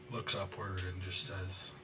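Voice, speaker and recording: A man narrating a scene as game master, halting and full of fillers. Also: rumbling low, fairly even intonation, far from the mic, over loud music, poor audio.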